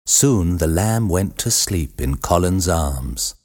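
A man reading a children's storybook aloud as narrator, measured and expressive, with a husky voice. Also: low voice.

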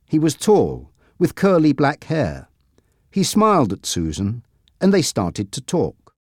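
Measured storybook narrator, very lively pitch. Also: no room sound, studio quality. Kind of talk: graded-reader audiobook narration.

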